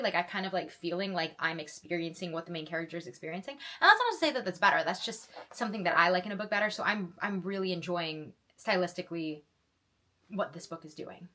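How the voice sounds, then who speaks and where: Bright, gushing young woman vlogger. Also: lowish voice. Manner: gushing, emotional, self-interrupting with repeated restarts. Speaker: book reaction vlogger. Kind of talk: casual reading reaction vlog.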